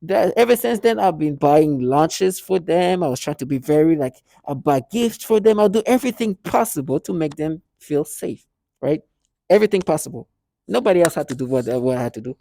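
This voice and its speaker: A man with a gravelly, low-toned voice talks straight to camera, rambling and circling back with many false starts. The sound is close and dry. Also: animated, warm tone, no room sound. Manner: rambling, halting, with many restarts and quoted asides. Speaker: vlogger. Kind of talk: casual monologue to camera.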